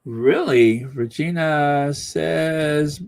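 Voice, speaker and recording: A man talks slowly and at ease on a live stream, musing aloud as he reads viewer comments. His voice sits at a middle pitch, and he drifts through fillers and restarts without hurry. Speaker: channel host reading viewer comments. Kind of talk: casual live-stream chat.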